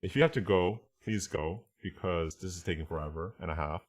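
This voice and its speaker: A man with a very low voice teaches an online class in a relaxed, chatty way. He talks through his translation choices as he goes, stopping to rephrase and correct himself. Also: fairly quick. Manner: thinks aloud, explaining choices with frequent self-corrections.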